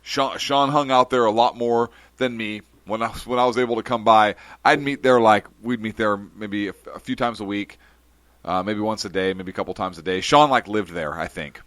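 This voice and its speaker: A man co-hosting a casual podcast chat, telling an anecdote with lively, playful delivery. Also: on the low side, normal speed, no echo. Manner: animated storyteller, acts out voices in anecdotes. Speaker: podcast co-host.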